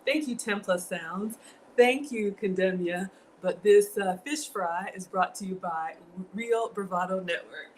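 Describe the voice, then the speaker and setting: A woman's voice: mid-range voice, measured pace, slight background noise, poor audio. A woman, cooking at home on a livestream, chatting and thanking her viewers. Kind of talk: casual livestream cooking chat. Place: home kitchen.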